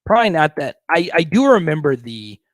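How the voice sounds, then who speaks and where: A man's voice: a little high, very animated, brisk, no room sound. A man hosting a casual live stream, chatting and reading viewer comments aloud.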